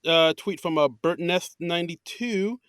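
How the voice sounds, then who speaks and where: A man's voice: a little high, normal speed, fairly bright tone, clear, resonant tone, no room sound, clean studio sound. A man co-hosting a podcast in casual chat, tossing in jokes and mock-dramatic asides. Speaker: podcast co-host.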